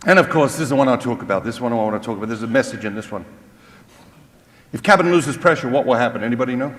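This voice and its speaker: A man's voice: mid-range voice, animated, quick pace, a bit bright. A man giving a humorous motivational Catholic talk to a crowd, mocking and full of rhetorical questions. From Australia. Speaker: Catholic speaker. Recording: long hall reverb.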